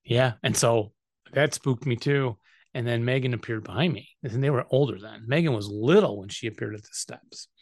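A man's voice: mid-range voice, normal speed, no room sound, studio quality. A middle-aged man co-hosting a podcast, telling stories in an easygoing way and laughing often. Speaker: podcast co-host. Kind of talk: casual chat.

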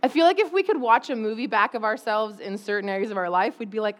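High-voiced, animated woman preacher. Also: fast, few pauses. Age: adult parent. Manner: animated, laughs often, acts out quotes. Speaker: pastor. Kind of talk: conversational sermon.

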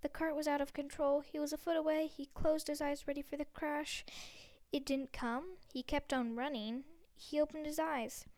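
A woman reading a novel aloud at a steady pace, often slipping on words and restarting them. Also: high-pitched, moderate pace, dry recording. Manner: steady, with frequent slips and restarts. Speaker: reader.

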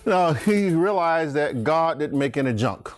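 A man's voice: on the high side, lively intonation, a little slow. A middle-aged man leading a Bible study in church, joking and teasing his listeners and laughing often. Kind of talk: playful Bible study teaching.

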